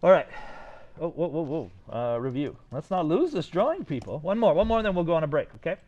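An excited man teaches a design class, talking his students through their sketches. His voice sits a bit high. He keeps checking in with them, asking whether they get it. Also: fairly quick, phone-quality sound. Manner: enthusiastic, talks to students directly with many "right?" checks.

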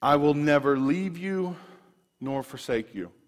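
A man's voice: a little high, a little slow. Man preaching in a reverberant hall. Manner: personal storytelling, animated, many restarts. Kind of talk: sermon. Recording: long reverb of a large room.

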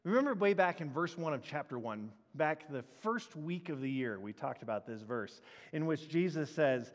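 A man preaching a sermon as a pastor, animated and acting out the crowd's reactions. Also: fairly high pitch, normal speed, long reverb tail. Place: church sanctuary.

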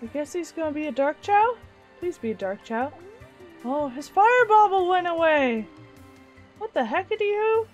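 A woman's voice: very high-pitched, animated, moderate pace. A young woman giving casual let's-play commentary as a gaming host, gushing and giggling, cooing to her virtual pets. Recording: faint game music behind.

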